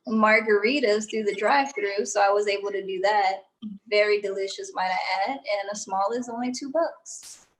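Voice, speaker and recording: A woman co-hosting a podcast in a relaxed, casual chat. She talks in a chatty, matter-of-fact way, and her pitch is average for a woman. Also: moderate pace. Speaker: podcast co-host.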